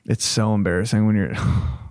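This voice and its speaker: A man's voice: fairly low pitch, steady tone, brisk, darkish tone, no echo. A man hosting a comedy podcast, riffing loosely and profanely, joking as he reacts, on a close mic. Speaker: podcast host.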